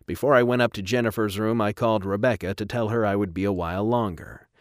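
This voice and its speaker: A man with a low voice reads a first-person story in an even, measured way. The recording is close and dry, with no room sound. Its pace stays steady throughout. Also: dry recording. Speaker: narrator. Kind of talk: first-person audiobook narration.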